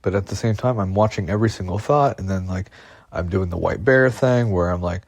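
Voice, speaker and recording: A man's voice: fairly low pitch, fairly quick, a little mellow, dry recording. A man rambling anxiously into a phone voice memo, swearing and repeating himself as he goes. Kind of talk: rambling personal monologue.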